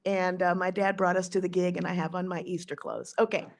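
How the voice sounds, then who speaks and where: A woman's voice: lowish voice, flat delivery, a little fast, vocal fry. A woman in her sixties, a jazz singer and teacher, telling a personal story in a speech, acting out the voices.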